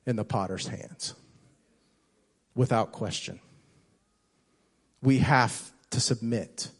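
A man preaching a sermon as pastor, impassioned, repeating and restarting phrases and swinging between loud and soft. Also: medium pitch.

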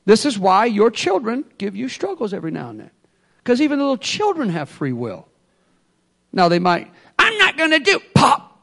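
A man delivers an emphatic, call-and-response sermon in a voice that sits high for a man, at a moderate pace with vocal fry. He swings hugely in pitch, moving from hushed stretches to strong, rising lines.

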